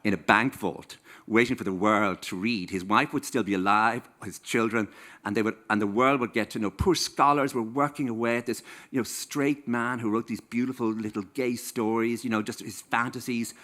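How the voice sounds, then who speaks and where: A man's voice: mid-range voice, steady tone, normal speed, a bit bright. A man in his sixties with an Irish accent, an author telling comic stories to a live audience in a wry, playful way. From Ireland. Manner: wry, playful, acts out quoted voices. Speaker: author giving a stage talk. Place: stage in a small venue.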